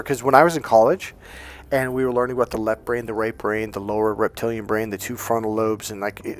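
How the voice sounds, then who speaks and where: A man who coaches men on dating, talking casually to his viewers, swearing freely and acting out the people in his stories. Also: mid-range voice. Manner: profane, animated storyteller acting out quotes. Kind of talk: casual lecture to camera.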